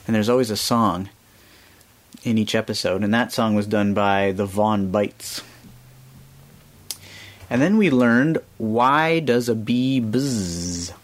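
A man's voice: on the low side, a little slow, pauses often. A man hosting a children's music radio show, chatting casually and explaining things simply for kids.

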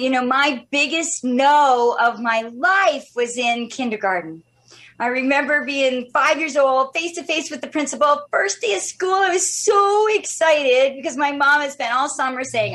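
A woman in her fifties, an interview guest telling a personal story in an animated, expressive way with shifting pace. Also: high voice. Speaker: guest speaker.

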